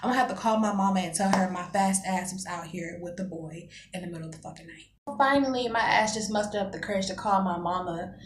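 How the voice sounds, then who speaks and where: A young woman vlogger telling a dramatic story in a casual, profane, animated way. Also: medium pitch, fast talker, few pauses, echoey room, a little hiss or hum.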